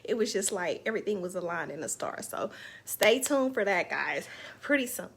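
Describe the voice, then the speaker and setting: A woman's voice: mid-range voice, lively intonation, moderate pace, vocal fry, slightly rough. A woman hosting an online live show, chatting casually and emotionally about her faith and her week. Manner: emotional, heartfelt, faith-filled talk. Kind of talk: casual livestream chat.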